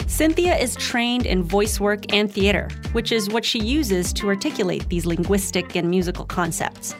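A woman's voice: medium pitch, animated, normal speed, over music. Woman co-hosting a podcast. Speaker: podcast co-host. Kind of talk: scripted podcast narration.

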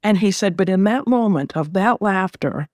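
A middle-aged woman being interviewed, telling a personal story in a gentle, reflective way and often repeating words as she gathers her thoughts. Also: medium pitch, animated, moderate pace, no echo. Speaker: interview guest.

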